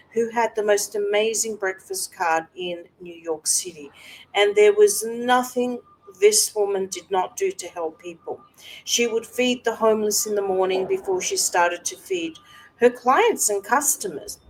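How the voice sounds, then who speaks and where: A woman host talking personally to camera, soft and halting with many fillers, at times close to tears. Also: mid-range voice, slight background noise, rough recording. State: emotional, close to tears at moments. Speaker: wellness coach and video host.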